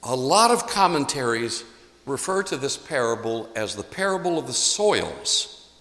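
A man's voice: medium pitch, big pitch swings, measured pace, bright, forceful tone. A man preaching a sermon as a pastor, emphatic and repeating key phrases for stress. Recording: echoey hall, long reverb.

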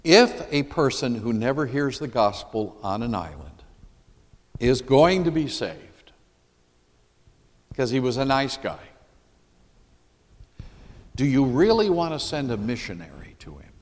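Animated preacher in a reverberant hall. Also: male voice, mid-range voice, measured pace, long pauses. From Michigan, USA. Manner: emphatic, puts questions to the congregation. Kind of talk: sermon.

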